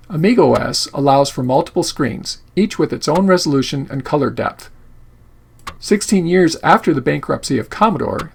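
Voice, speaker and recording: A man's voice: medium pitch, gravelly, husky. A man narrating a scripted video essay as host of his channel.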